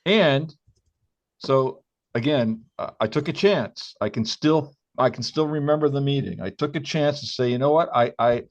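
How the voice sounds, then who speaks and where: A man's voice: mid-range voice, animated. Reflective podcast host man, lo-fi. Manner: reflective, halting, many restarts. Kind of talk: podcast conversation. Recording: dull lo-fi sound.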